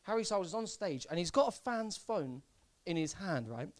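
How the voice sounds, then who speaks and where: A young man from Southampton doing a live stand-up set in a comedy club, deadpan and hesitant, full of fillers and repeats. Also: high voice, moderate pace, no room sound. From Southampton, England.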